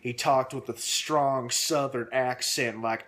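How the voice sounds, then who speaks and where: A man giving a casual, rambling spoken recap of a TV episode from home, animated and full of fillers. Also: mid-range voice, slow pace, few pauses. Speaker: show recap reviewer.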